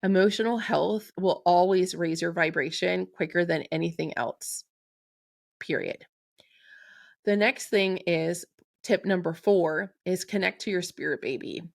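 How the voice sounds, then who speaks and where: A woman hosting a solo spiritual podcast, speaking in a gentle, affirming way and slowing down to recite intentions. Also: on the low side, creaky. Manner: slow and deliberate when reciting an intention. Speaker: podcast host and Reiki practitioner.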